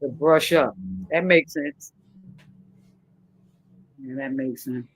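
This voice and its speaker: A man chatting casually as a guest, relaxed and easygoing. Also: mid-range voice, slow, slightly rough, poor audio. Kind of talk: casual chat.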